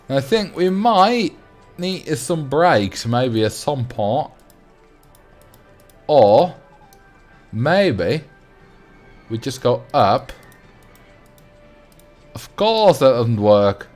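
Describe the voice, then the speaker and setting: A young man chats casually through a game livestream, rambling as he answers viewers. His pitch swings freely up and down at a middling level. Soft music plays faintly behind him. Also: big pitch swings, extremely slow, pauses often. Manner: rambling, chatty, reads and answers chat. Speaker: streamer. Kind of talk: casual livestream chat while playing.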